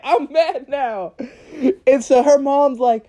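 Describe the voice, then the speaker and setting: Animated young man telling a story. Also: extremely high pitch, takes it slowly. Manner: animated, profane, laughs while telling. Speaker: vlogger. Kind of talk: casual storytime.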